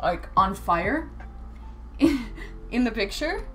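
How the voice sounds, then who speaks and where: A woman's voice: a little high, big pitch swings, extremely slow, soft background music. A woman live-streaming in casual chat, thanking viewers by name and talking straight to her chat. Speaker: livestreamer.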